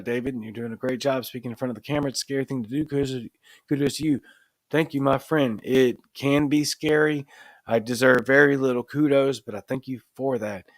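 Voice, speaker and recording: A man with a Cajun accent hosts a live show, talking casually with viewers and reading their comments into a desk microphone in front of the camera. He is earnest and emphatic, repeating himself, often restarting phrases and building to emphatic points. His voice is medium-pitched and the recording is dry.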